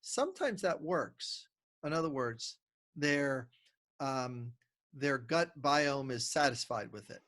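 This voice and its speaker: A man's voice: medium pitch, takes it slowly. A middle-aged man, a podcast guest, explaining ideas in conversation and acting out little dialogues from his stories. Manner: animated storyteller who acts out little dialogues. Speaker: podcast guest, communication consultant.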